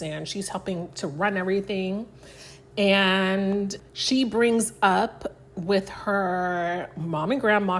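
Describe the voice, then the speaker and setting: A woman hosting a casual reality TV recap, chatty and gossipy, slipping into animated quoted voices. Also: medium pitch, slight background noise. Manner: chatty, animated, gossipy, uses "child" and "girl". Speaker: recap host.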